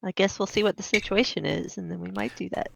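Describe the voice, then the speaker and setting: A woman playing in a tabletop game, chatting casually in a relaxed, easygoing way. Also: medium pitch, fast, gravelly, a little hiss or hum. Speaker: player. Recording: dull lo-fi voice chat.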